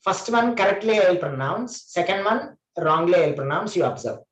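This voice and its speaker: A man's voice: sits high, lively intonation, fairly quick. A man with an Indian English accent giving a classroom lecture as an English trainer, explaining patiently and repeating key words. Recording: echoey classroom.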